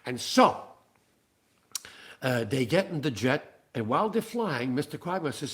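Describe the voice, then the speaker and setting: A man telling a long comic story in a playful, animated way. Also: medium pitch, normal speed. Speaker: singer-songwriter and storyteller. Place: living room.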